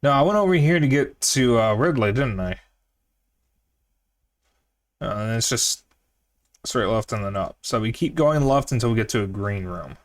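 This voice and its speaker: A man's voice: mid-range voice, lively intonation, moderate pace, pauses often. A man streaming a retro game, talking casually and sarcastically to his chat while he plays. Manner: sarcastic, joking, talks to chat while playing. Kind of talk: casual gameplay commentary to chat.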